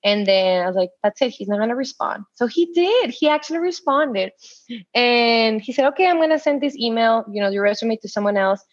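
Animated woman telling her story. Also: on the high side, brisk, no room sound, dull audio. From El Paso, Texas. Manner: animated, acts out voices in her story, laughs often. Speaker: guest. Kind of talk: storytelling interview.

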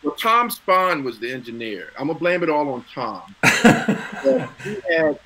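A man's voice: on the high side, sing-song, unhurried, sharp tone, rough recording. A middle-aged man, a guest, telling stories in casual chat, getting emotional and laughing, with many restarts and repeated words.

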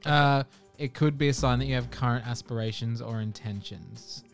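A young man co-hosting a comedy podcast, making dry, deadpan remarks. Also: mid-range voice, normal speed, creaky, faint music behind. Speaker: podcast co-host. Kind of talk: casual comedic podcast banter.

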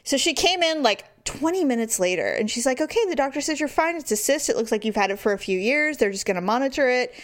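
Animated, blunt woman telling a story. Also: a little high, fast, hardly any pauses. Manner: animated storyteller, acts out quoted voices; blunt, swears freely. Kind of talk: casual chat.

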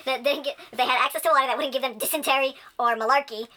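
A young woman talks in an easy, rambling way, full of ums and restarts, clearly excited about what she is explaining. Her voice sits a little high and rings very bright. It is relaxed, casual chat. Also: rapid-fire. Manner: enthusiastic, rambling with many fillers. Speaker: channel host.

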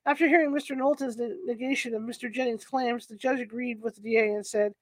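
A woman's voice: fairly high pitch, fairly even intonation, fast talker, no room sound. A woman reading a historical courtroom account aloud, stumbling over words and correcting herself as she goes. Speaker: narrator.

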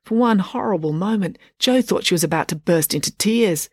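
A woman narrating a storybook with a lively, expressive reading. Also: lowish voice, brisk, slightly rough, no echo, studio quality. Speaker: audiobook narrator.

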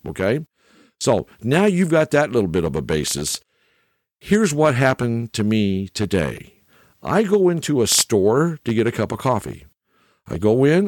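A middle-aged man tells a rambling, folksy anecdote in a casual monologue, his pitch rising and falling with lively swings. He keeps checking in with "okay?" as he goes. The sound is close and dry, with no room echo. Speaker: storyteller.

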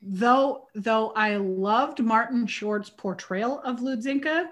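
A woman co-hosting a podcast, chatting casually about a movie, sarcastic and animated with a playful streak. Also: fairly high pitch, slow pace. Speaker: podcast co-host. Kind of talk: casual movie review chat.

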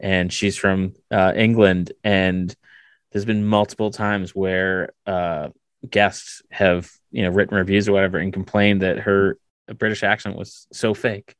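Low-voiced guy asking questions, chill and laughing along, dry close mic. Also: little pitch movement, a little slow, clean tone, no room sound. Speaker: interviewer. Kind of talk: casual interview chat.

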